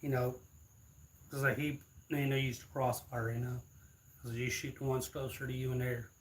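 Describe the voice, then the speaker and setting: A man's voice: mid-range voice, level tone, moderate pace. A man, telling a rambling, laughing story casually to his viewers. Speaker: streamer.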